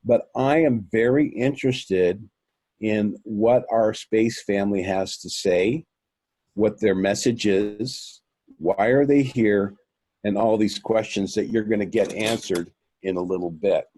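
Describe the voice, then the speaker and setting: A man tells his story as an interview guest, full of ums and restarts, calling his listeners "folks." His voice is mellow and warm. The sound is dry, with no room around it. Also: fairly low pitch, measured pace, dry recording. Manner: rambling, many fillers and restarts; earnest, addresses listeners as folks. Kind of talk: recounting a personal experience.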